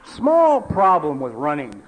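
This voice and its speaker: A man in his forties telling a personal recovery story at a meeting, talking conversationally with lots of "you know" and dropping low and quiet for emphasis. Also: huge pitch swings, slow pace, low-quality recording. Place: meeting hall.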